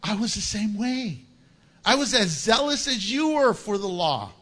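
A man's voice: high voice, unhurried. A man preaching a verse-by-verse sermon, acting out the people in the story and laughing often. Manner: animated, acts out voices of biblical figures, laughs often. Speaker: pastor. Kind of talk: sermon, verse-by-verse Bible teaching.

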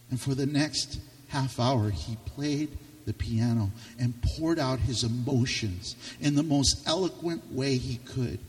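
A man preaching a sermon with passion, his voice swinging from loud to hushed. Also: mid-range voice. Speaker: pastor. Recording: reverberant hall, distant mic.

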